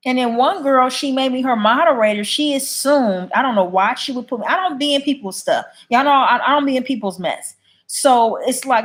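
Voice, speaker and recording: A YouTube live streamer with a voice on the high side talks fairly quickly as she chats casually. She reads viewer comments aloud and answers them in a blunt, opinionated way.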